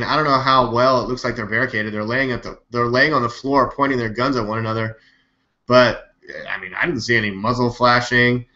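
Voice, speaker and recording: A man hosting a live news stream, talking in a rambling, animated, skeptical way and swearing now and then. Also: medium pitch. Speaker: live news show host. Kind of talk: casual live-stream commentary. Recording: dull lo-fi webcam audio.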